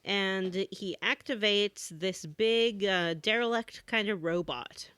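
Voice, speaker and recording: A woman's voice: mid-range voice, takes it slowly, fairly bright tone, clear, resonant tone. A woman co-hosting a casual podcast, recapping the plot of a game in a playful way. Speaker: podcast co-host.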